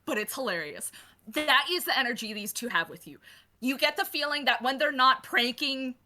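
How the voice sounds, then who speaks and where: A woman's voice: sits high, normal speed, background noise. A woman narrating as game master of a tabletop game, chatty and rambling with lots of fillers.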